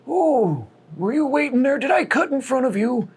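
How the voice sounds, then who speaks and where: A man's voice: extremely high pitch, big pitch swings, normal speed, a little mellow, breathy edge, voice pushed up, full character voice. A man putting on the voice of a confused, apologetic old man who keeps repeating himself.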